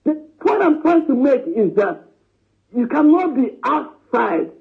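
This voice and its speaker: A high-voiced man speaks over a thin, tinny phone line. He calls in to a live stream and pushes his argument hard, circling back with "you know" and "understand?" and addressing the host as his brother. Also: big pitch swings, unhurried, gravelly. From southeastern Nigeria. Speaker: caller.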